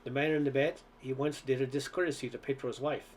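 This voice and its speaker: A man reading a story aloud, voicing a huge male henchman who speaks deeply and softly with courteous menace. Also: fairly even intonation, a little fast, a little hiss or hum, close to an everyday voice. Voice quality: deep and soft. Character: huge soft-spoken male giant henchman, politely menacing.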